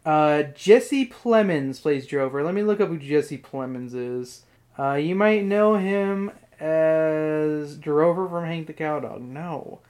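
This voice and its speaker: A man's voice: a little high, slow, a little mellow. A man hosting a podcast in casual chat, rambling and swearing often, with frequent laughs. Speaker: podcast host.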